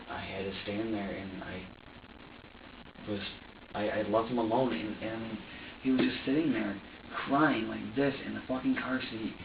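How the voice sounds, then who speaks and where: In an interrogation room, a male suspect rambles in agitation and swears heavily while police question him. His voice is mid-range, and a distant room mic captures him from far off, giving a dull, echoey sound with a bit of hiss or hum.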